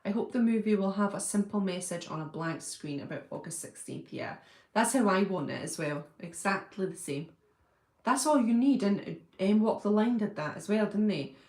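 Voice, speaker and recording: A middle-aged woman hosts a relaxed livestream, answering viewers' comments in a gushing, chatty way. Her voice carries a gravelly fry, and it rings around an echoey room. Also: mid-range voice, moderate pace. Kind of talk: casual chat.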